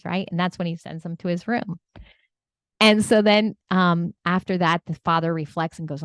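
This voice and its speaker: A woman's voice: on the low side, fairly even intonation, measured pace, dry recording, clean studio sound. A middle-aged woman coach giving a teaching talk in an earnest, conversational way, often checking in with "right?". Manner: earnest, conversational, tag questions. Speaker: real estate coach.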